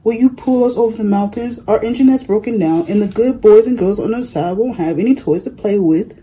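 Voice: medium pitch, moderate pace, mellow, husky, lightly acted, poor audio. A reader voicing a chorus of pleading toys.

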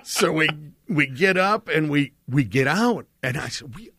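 Higher-voiced man spinning a rambling story. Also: expressive, unhurried, fairly bright tone, dry recording, clean studio sound. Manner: rambling storyteller with many restarts. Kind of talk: casual chat.

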